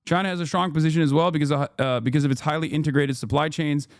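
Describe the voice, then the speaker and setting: A man's voice: fast talker, no room sound. Ranting sarcastic man, dry close sound. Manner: animated, sarcastic, swears, mocks others in loud shrill put-on voices. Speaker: political streamer reacting to news. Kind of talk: casual ranting commentary.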